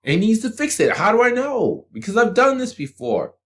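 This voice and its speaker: Blunt, swearing man ranting, lively pitch. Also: brisk. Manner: blunt, combative, swears freely. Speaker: channel host. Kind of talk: profane motivational rant to camera.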